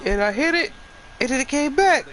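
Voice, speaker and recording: A man putting on a squeaky, hurt young guy. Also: expressive, moderate pace. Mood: whiny. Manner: high strained whimpering voice. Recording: game crowd noise behind.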